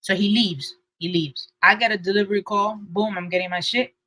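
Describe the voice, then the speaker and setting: Young woman co-host, bright and crisp, dry close sound, lively storyteller. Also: normal speed, no echo, poor audio. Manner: lively, acts out quotes with shifting pitch and loudness. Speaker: podcast co-host. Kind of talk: animated storytelling chat.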